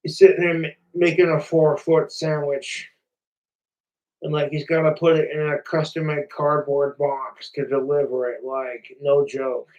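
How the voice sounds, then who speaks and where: A man's voice: on the high side, little pitch movement, measured pace, darkish tone, low-quality recording. A man livestreaming, rambling profanely and animatedly straight to his viewers in casual chat. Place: home, overnight livestream.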